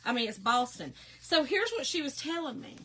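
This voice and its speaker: Her high voice is sing-song and sharp at normal speed, carrying a Southern Appalachian accent. This crafting host from Kentucky and Georgia, USA, chats casually with her viewers, laughing often as she tells stories.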